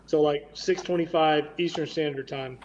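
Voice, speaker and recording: A man's voice: on the high side, steady tone, moderate pace, a little mellow, highs cut off, a little hiss or hum. A man hosting a casual live stream chat, blunt and swearing freely on an online call.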